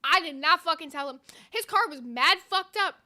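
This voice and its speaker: High bright young woman telling stories. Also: moderate pace. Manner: profane, animated storytelling with frequent "like". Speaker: podcast co-host. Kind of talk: casual storytelling chat.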